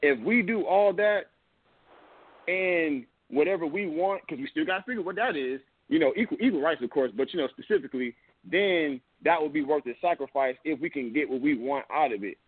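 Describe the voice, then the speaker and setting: A man's voice: on the high side, a little fast, slightly rough, no room sound. A young man hosting a podcast, talking earnestly in a rambling, casual way and often saying "you know what I'm saying". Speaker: podcast host. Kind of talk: casual opinion talk. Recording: dry, tinny phone-like sound.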